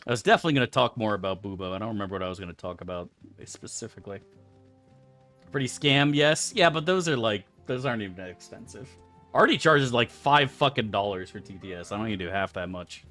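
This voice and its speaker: A man's voice: on the low side, expressive, fast, a bit bright, soft background music. A young man streaming a game, chatting casually with his viewers in a laid-back, joking and profane way. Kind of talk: casual live-stream chat.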